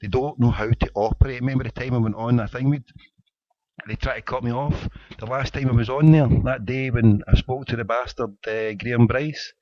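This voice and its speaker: A man's voice: mid-range voice, dry recording. A man hosting a casual live internet radio show, joking in mock indignation while reading a chat. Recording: dry, dull lo-fi internet radio sound.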